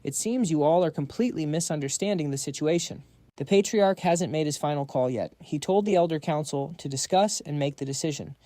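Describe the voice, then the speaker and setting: A man voicing a scheming old head elder, smooth and sarcastic. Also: on the high side, fairly quick, mellow, no room sound, natural voice. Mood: sly.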